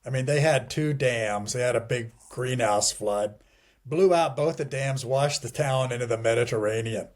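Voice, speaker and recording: A man's voice: mid-range voice, moderate pace. Rambling, wry middle-aged man. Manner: rambling, digressive, frequent restarts and "you know"; wry, chuckles at grim points. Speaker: guest. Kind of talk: casual conversational interview.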